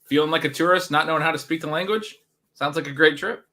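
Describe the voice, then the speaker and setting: Male co-host, light bright voice, teasing banter on a stream. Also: fairly high pitch, fast. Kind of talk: casual live stream chat.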